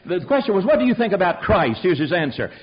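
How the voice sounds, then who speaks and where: A man's voice: high voice, sing-song, fast talker, muffled recording. A man preaching a fiery sermon, emphatic and rhetorical, calling out questions to his congregation.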